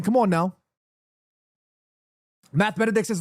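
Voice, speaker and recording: Excitable high-voiced man hosting a watchalong. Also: fairly quick, no echo, studio quality. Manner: excitable, jumps between hype and nervous murmurs; thanks viewers by name, rallies the chat. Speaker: streamer hosting a football watchalong. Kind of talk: live match watchalong, reading chat aloud.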